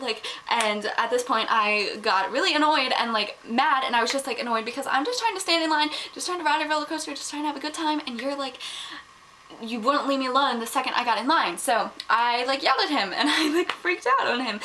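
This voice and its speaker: A teenage girl telling a storytime vlog in a casual chatty way, filling her talk with "like" and getting loud and indignant as she retells. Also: high-pitched, animated, fairly quick, a little hiss or hum, poor audio. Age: teens. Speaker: vlogger. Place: home, at one point in a bathroom.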